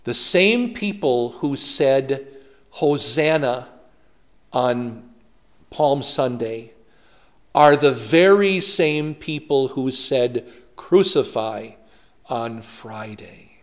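A man's voice: mid-range voice, extremely slow, pauses often. A man, a pastor, leading a Bible study in a conversational way, telling stories with humorous asides and rhetorical questions.

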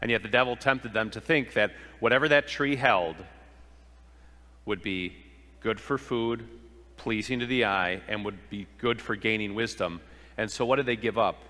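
A man's voice: lowish voice, moderate pace, sharp tone, big-room sound. A man preaching a sermon, earnest, asking rhetorical questions and acting out the quoted lines. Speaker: pastor.

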